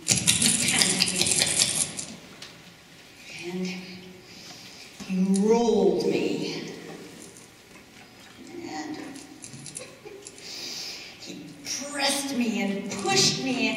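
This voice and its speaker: Woman, stage storyteller, measured and expressive, fairly high voice; distant recording in a reverberant church hall. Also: a little hiss or hum. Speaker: monologue performer. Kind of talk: dramatic monologue storytelling. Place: church hall, live audience. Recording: echoey hall from far off.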